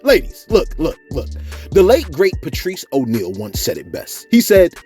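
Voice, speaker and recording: A man hosts celebrity gossip commentary in a slangy, chatty manner and keeps checking in with his viewers. His voice sits high and leaps all over the place. Faint music plays underneath. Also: moderate pace, slightly rough. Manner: animated, slangy, repeats "you see what I'm saying". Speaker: host of celebrity gossip channel.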